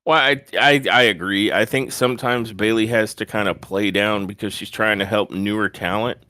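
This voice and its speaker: A man with a low, smooth voice walks through a wrestling match move by move in casual podcast chat. He breaks off for animated asides. The sound is dry and close to the mic. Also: normal speed, no echo. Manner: detailed play-by-play retelling, animated asides. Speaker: podcast co-host.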